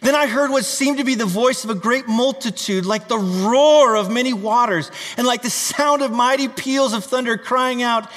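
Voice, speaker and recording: A man's voice: high-pitched, normal speed, hardly any pauses, a bit bright, big-room sound. A man preaching a fervent sermon, reading scripture aloud and pleading with listeners. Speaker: pastor.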